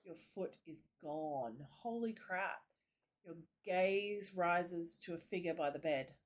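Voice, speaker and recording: A woman streamer reads a text adventure aloud and breaks off into muttered comments of her own. Her voice sits fairly low and she takes the text slowly and deliberately. The tone stays casual throughout. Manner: reads narration slowly, drops into muttered asides. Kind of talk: reading a text game aloud with casual asides.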